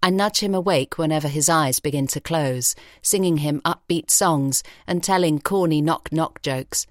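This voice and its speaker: Woman, low voice, expressive audiobook narration, dry studio. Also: dry recording. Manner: measured, expressive storytelling. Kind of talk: scripted narration. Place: recording studio.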